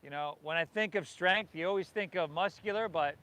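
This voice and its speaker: Male yoga teacher, higher-pitched, calls cues to a group, encouraging. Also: brisk, pushed and bright. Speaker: yoga instructor. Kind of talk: guiding a yoga class. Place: outdoors by the ocean.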